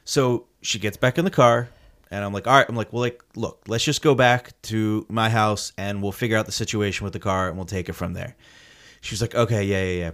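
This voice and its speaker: A man's voice: fairly low pitch, a little fast. A man telling a story in casual chat, acting out the quotes and swearing freely. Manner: animated storytelling with acted-out quotes.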